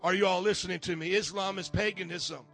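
Male pastor, fiery sermon, very high pitched, rallies the congregation, faint music under. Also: steady tone, brisk, creaky, fairly bright tone. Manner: emphatic, calls out for congregation responses. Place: church service before a congregation.

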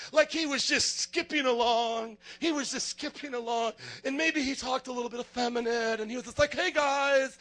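A man, a pastor, preaching a sermon in a jokey, animated way, calling out to the congregation for responses. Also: sits high.

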